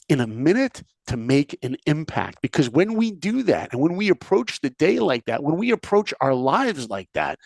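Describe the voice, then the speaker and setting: A man with a very lively, swooping pitch tells a story, jumping into characters' voices and firing questions at his listener. The sound is dry and close, with no room echo. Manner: animated, acts out characters' lines, asks the listener questions. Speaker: podcast guest, speaker and filmmaker. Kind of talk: animated storytelling in conversation.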